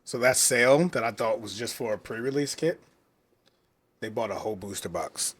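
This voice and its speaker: A man's voice: mid-range voice, moderate pace, a bit bright, husky. A man co-hosting a podcast in casual, laid-back, joking chat. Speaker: podcast co-host.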